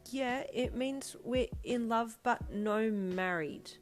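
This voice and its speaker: A woman's voice: on the high side, slow pace, faint music behind, pitched above the performer's own voice. A woman voicing a jealous, sulky four-year-old boy who talks bluntly with a pout. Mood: bashful. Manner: blunt, pouting.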